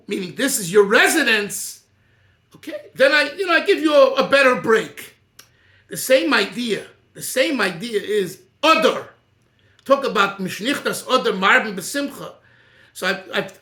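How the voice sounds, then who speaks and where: A middle-aged rabbi gives an informal class, jumping between points and chuckling as he explains. His voice is bright and forceful. The room around him is echoey. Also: extremely high pitch. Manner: animated and digressive, chuckling often.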